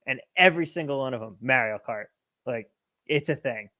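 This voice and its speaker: A man from New Jersey with a New Jersey accent, co-hosting a casual livestream and telling stories in a joking, animated way. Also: mid-range voice, brisk. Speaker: co-host.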